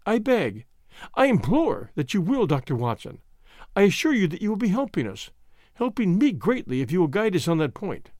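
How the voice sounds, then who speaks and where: A man's voice: high voice, very animated, fairly quick, darkish tone, no echo, clean studio sound. A man reading a storybook, voicing an anxious widow who pleads earnestly. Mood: pleading. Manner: earnest, imploring. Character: pleading anxious grieving widow, woman, adult. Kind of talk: audiobook character voice.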